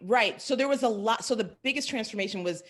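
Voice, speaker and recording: A woman's voice: fairly high pitch, fast, slight background noise. A woman hosting an interview as a business coach, asking questions and affirming her guest. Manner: brief affirming prompts and questions.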